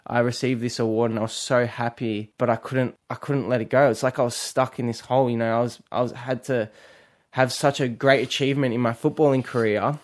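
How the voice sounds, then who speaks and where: A young man in his twenties with an Australian accent, telling his story candidly in an interview, with plenty of fillers. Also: medium pitch. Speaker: footballer.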